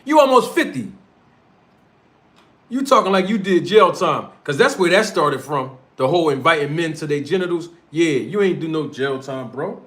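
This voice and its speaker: A man's voice: a little high, animated, normal speed, a bit bright. A man with a North Philadelphia accent, hosting a livestream and ranting confrontationally in street slang. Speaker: streamer and show host. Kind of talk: heated livestream rant.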